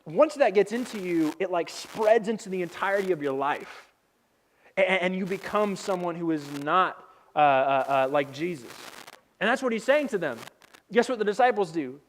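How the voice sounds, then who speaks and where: High-voiced man preaching casually. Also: lively intonation, normal speed, a little hiss or hum. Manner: casual, humorous storytelling with slang. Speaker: pastor. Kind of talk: sermon.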